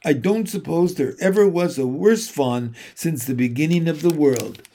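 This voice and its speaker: A man's voice: on the high side, normal speed, mellow. A man voicing a weeping, remorseful male faun in a storybook reading, sorrowful and sobbing.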